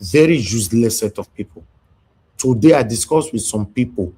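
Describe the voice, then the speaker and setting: Husky Nigerian male host, angry and emphatic, mid pitch. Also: animated, moderate pace, mellow. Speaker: show host. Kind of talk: heated group discussion.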